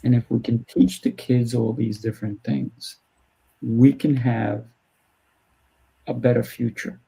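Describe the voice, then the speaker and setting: A man's voice: mid-range voice, level tone, a little slow, vocal fry, dark tone, breathy edge, low-quality recording. A man hosting an interview, talking in a firm coaching way and acting out little exchanges with kids. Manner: firm, coaching tone, acts out dialogue. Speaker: host and martial arts teacher. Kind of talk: casual interview chat.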